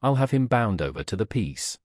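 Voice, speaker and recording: A man doing a low, sneering old moneylender. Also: sing-song, a little fast, a little mellow, dry recording, studio quality. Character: sly older male moneylender, sneering.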